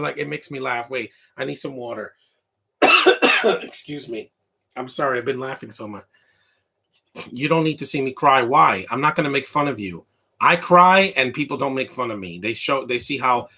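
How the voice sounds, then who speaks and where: A man talks over a comedy film in a loose, rambling commentary. He laughs often and reacts loudly to the scenes, sometimes quoting lines in a high voice. His voice sits at an ordinary middle pitch. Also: normal speed, breathy edge. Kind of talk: casual live movie commentary.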